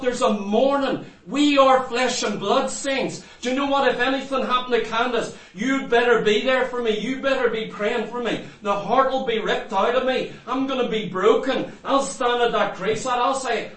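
A man preaching with fervor in a very high voice, pressing his congregation with the same questions again and again. He sounds distant from the mic, with the sermon ringing around an echoey church. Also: moderate pace, few pauses, a bit bright. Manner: fervent, repeats rhetorical questions to the congregation. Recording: echoey room, mic far off.

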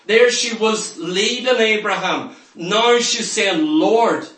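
A man's voice: high voice, takes it slowly, bright, forceful tone. A man preaching a sermon in an emphatic, storytelling way, sometimes acting out the people in the story. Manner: emphatic, storytelling, acts out quoted lines. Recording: roomy echo, from far off the mic.

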